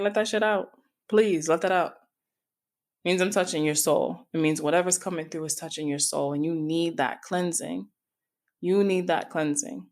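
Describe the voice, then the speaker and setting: A middle-aged woman hosting a solo podcast, talking candidly and confidingly and speaking straight to her listeners. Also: low-pitched. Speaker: podcast host and coach. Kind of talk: reflective solo podcast talk.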